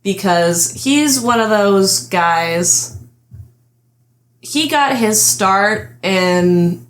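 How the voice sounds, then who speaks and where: A woman's voice: mid-range voice, animated, extremely slow. Giggly, chatty young woman podcast host. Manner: chatty, giggles often, trails off and restarts. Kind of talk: casual chat.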